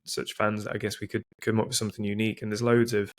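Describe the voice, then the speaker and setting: A man hosting a podcast, briskly steering the talk. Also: lowish voice, little pitch movement. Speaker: podcast host. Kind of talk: casual chat.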